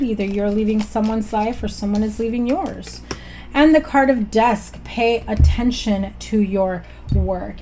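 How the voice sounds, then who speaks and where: A woman with a somewhat high voice gives a casual tarot reading straight to her viewers. She talks in a chatty, upbeat way and keeps checking in with them. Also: a little mellow, a little hiss or hum. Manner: chatty, upbeat, addresses viewers directly with frequent "okay?". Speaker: tarot reader.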